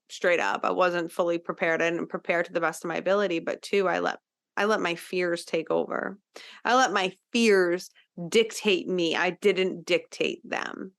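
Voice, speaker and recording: A woman's voice: medium pitch, a bit bright. A woman hosting a podcast, telling a personal story in a casual, emphatic way, with frequent fillers and the odd swear word. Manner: earnest, driving home lessons to the listener. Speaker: podcast host.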